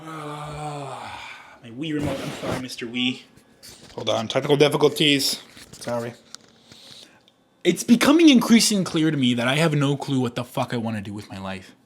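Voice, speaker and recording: A man in his twenties ranting in a vlog, frustrated and swearing, swinging from low mumbles to yelling. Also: animated, moderate pace. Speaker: vlogger.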